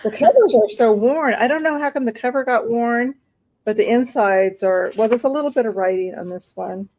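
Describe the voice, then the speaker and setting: A woman with a voice on the high side, speaking at normal speed, runs a live online auction. She chats casually about each item and talks to bidders, rambling warmly with plenty of fillers.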